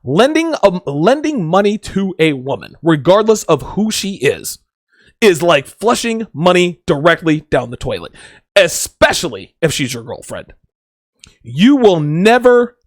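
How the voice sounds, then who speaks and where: A man talks through dating advice in a casual, blunt podcast monologue, cursing freely and acting out voices. His voice sits a bit high and moves a lot in pitch. The sound is dry, close and free of room echo. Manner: blunt, joking, swears freely; acts out quoted voices. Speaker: podcast host.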